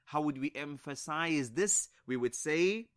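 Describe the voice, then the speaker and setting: A man teaching an Arabic grammar lesson in English. He speaks slowly and deliberately, repeats each example, and mixes Arabic words and religious phrases into his explanations. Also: on the high side, animated.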